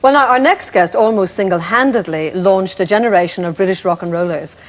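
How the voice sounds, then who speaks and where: A Northern Irish woman in her fifties hosting a television chat show, introducing guests and asking questions with a bubbly, warm manner. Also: medium pitch, fairly quick. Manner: warm, bubbly, laughs easily.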